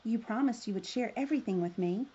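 A stubborn little male frog from a storybook, put on by a woman reading aloud. He speaks slowly and insistently, in a raised, somewhat mellow voice. The recording sounds a little dull. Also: fairly high pitch, breathy edge. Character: small stubborn male frog, later a prince.

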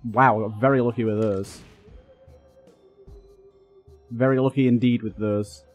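A man's voice: mid-range voice, fairly even intonation, measured pace, dull audio, faint music behind. A young man giving let's play commentary, swearing and breaking into frustrated outbursts. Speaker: gaming YouTuber.

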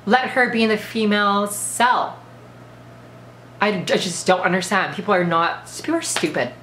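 A woman's voice: mid-range voice, normal speed, fairly bright tone. A woman with a sore throat giving an emphatic, indignant opinion in a casual vlog, peppering her speech with "like". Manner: emphatic, indignant, heavy use of "like". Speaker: vlogger. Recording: echoey room with faint background noise.

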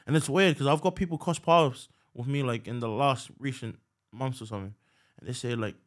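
Man, New Zealand accent, rapid talker, laid-back, rapper guest. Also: mid-range voice. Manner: laid-back, frequent "yes, sir" and laughs. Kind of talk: casual podcast chat.

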